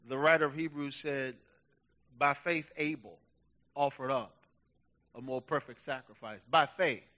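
A man preaching a sermon to a church, building from quiet passages to loud, emphatic shouts. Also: on the high side, dull audio. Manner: rising to shouts, dramatic.

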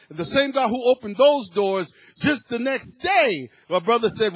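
A man's voice: extremely high pitch, expressive, moderate pace, hardly any pauses, fairly bright tone, husky, no room sound. A man preaching a sermon to his church, building to emphatic bursts and repeating words as he goes. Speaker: pastor.

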